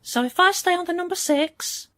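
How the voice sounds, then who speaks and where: A woman's voice: very high-pitched, moderate pace, sharp tone. A woman playing a bossy, short-tempered woman in charge, curt and blunt. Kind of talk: sketch comedy acting.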